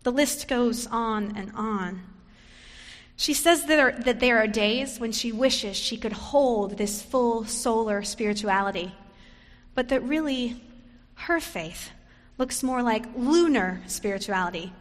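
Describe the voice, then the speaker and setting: A woman pastor delivers a Sunday sermon in a measured, reflective storytelling way. Her voice sits somewhat high. The recording carries the long, lingering reverb of a large church sanctuary.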